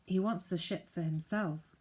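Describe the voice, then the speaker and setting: A woman's voice: on the low side, fairly even intonation, normal speed, darkish tone, lightly acted. A woman reading the part of a brave, polite boy who talks earnestly and respectfully.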